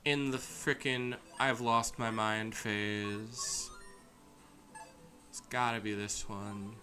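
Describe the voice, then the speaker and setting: A man's voice: lowish voice, level tone, slow, sharp tone, soft background music. A male streamer giving casual, goofy gameplay commentary, amusing himself as he talks. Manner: goofy, self-amused talking to himself.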